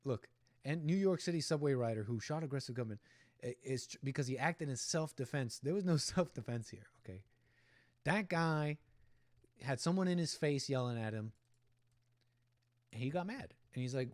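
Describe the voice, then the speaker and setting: A man's voice: medium pitch, animated, normal speed, pauses often, darkish tone, dry recording, clean studio sound. A man hosting a livestream, giving rambling, opinionated commentary on a video clip and talking back at the people in it. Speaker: livestream host.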